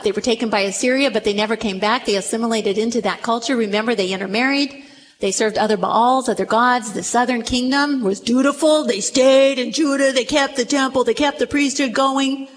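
A woman preaching a sermon to a room, retelling a story with animated delivery and acted-out quotes. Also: high-pitched.

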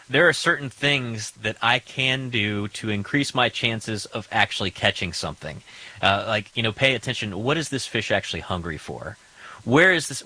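A man hosting a casual conversation, relaxed, with fillers, asking his guest questions. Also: medium pitch, breathy edge, low-quality recording. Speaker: host.

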